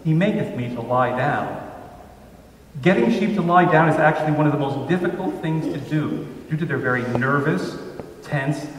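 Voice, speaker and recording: A man preaching a sermon as pastor, measured, slowing down to stress scripture lines. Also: on the high side, lively intonation, a little hiss or hum. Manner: measured, with slow emphatic pauses on scripture. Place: church sanctuary. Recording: roomy church hall from far off.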